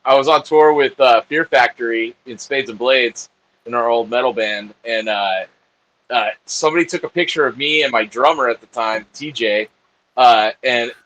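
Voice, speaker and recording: A man's voice: mid-range voice, bright, forceful tone, a little hiss or hum, rough recording. A man in his forties who is a guest musician on a podcast, chatting in an easygoing way, swearing casually and often trailing off mid-sentence. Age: 40s. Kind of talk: casual chat.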